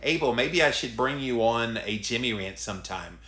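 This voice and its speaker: A middle-aged man with a Southern US accent, hosting a casual live stream and reading out viewer comments in an earnest, chatty, drawn-out way. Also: medium pitch, animated, bright, forceful tone, roomy sound. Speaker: host.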